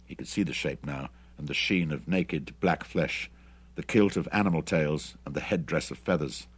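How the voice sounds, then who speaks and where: A man narrating an adventure novel audiobook in an expressive, dramatic reading. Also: rumbling low, moderate pace, breathy edge. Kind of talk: scripted narration.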